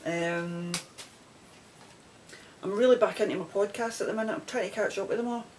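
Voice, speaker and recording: A woman's voice: medium pitch, moderate pace, darkish tone, slight background noise, rough recording. A middle-aged Scottish woman chatting casually to camera for her knitting video podcast, rambling and laughing as she goes.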